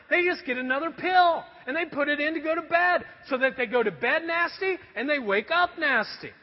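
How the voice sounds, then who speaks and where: A pastor, a man, preaching with a strikingly high, animated voice that swings widely in pitch. His tone is husky and slightly breathy. The sound is dull and carries a long hall echo, as if picked up from a distance. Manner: animated storytelling, acts out a shouting boss. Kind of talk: sermon. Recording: dull echoey hall from far off.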